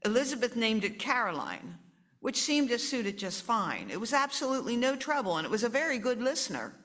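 A woman reading a picture book aloud to children, animated and chatty. She breaks off between pages to talk with the kids and explain the story. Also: on the high side, brisk.

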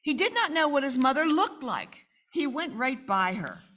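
A woman reading a picture book aloud to children at a live event, animated and talking to her audience. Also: high voice, normal speed. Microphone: microphone.

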